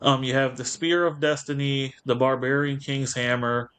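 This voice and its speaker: A man with a mid-range voice in a relaxed casual chat. He swears casually and pauses with fillers while he recalls details. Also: mid-range voice. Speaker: podcast co-host. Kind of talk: casual chat about video games.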